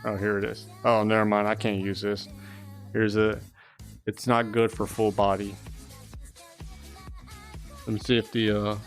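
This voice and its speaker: Young male streamer, low voice. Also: little pitch movement, unhurried, pauses often, soft background music. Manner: rambling, casual, swears often. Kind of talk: casual live-stream chat.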